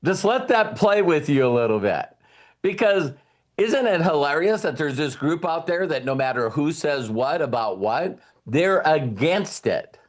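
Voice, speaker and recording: A man's voice: fairly high pitch, expressive, normal speed. An older man hosting a live video call, giving a rambling, folksy motivational talk and laughing often. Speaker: host.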